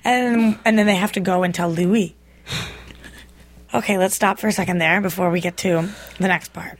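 A woman's voice: lowish voice, fairly even intonation, moderate pace. A young woman hosting a casual recap chat, telling the story animatedly and acting out scenes as she goes. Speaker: podcast host.

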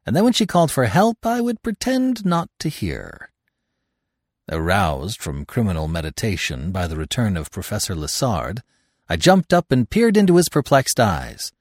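A man reading a first-person story aloud as the narrator, in an expressive, theatrical style. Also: on the low side, moderate pace, no room sound, studio quality. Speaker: audiobook narrator.

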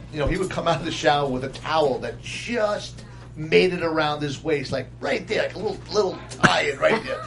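Brief: animated male storyteller with a high voice who laughs along as he tells it. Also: a little hiss or hum. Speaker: guest storyteller. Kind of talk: casual storytelling.

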